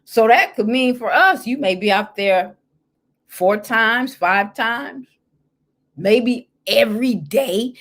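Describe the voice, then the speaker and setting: A woman's voice: a little high, slow pace. Sassy woman host reading confessions. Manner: sassy, animated, talks straight to the listener. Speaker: host and life coach. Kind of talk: casual chat reading listener confessions.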